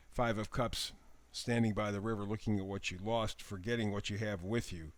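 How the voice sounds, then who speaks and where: Male tarot reader, lowish voice, dry close sound, calm and encouraging. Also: no echo. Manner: gentle, encouraging, affirming. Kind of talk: daily tarot reading.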